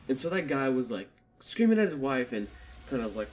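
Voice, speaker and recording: A man's voice: mid-range voice, sing-song, brisk, darkish tone. A young man talks straight into a desktop microphone and tells a story from his childhood. He keeps it casual and swears a lot. He slips into the voices of the people in the story as he goes. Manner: casual, swears heavily, acts out quotes. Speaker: YouTuber telling a personal story. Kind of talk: storytime vlog. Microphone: desktop USB microphone.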